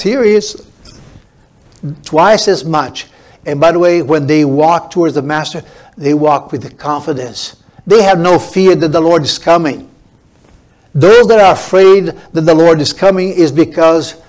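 A man delivers a sermon from the pulpit, his voice pitched a little higher than most men's. He preaches emphatically, repeating words and building each point up. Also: a little mellow. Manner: emphatic preaching with repetition and rhetorical build-ups. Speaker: pastor.

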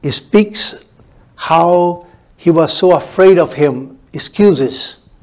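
Male pastor, sermon, emphatic, repetitive build-ups, fairly high voice. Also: takes it slowly.

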